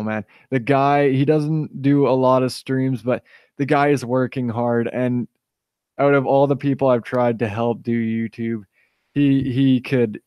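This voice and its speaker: A man's voice: medium pitch, darkish tone, no room sound, clean studio sound. Profane rambling young man streaming. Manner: rambling, profane, reads chat comments aloud. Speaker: live streamer. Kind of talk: casual live stream chat.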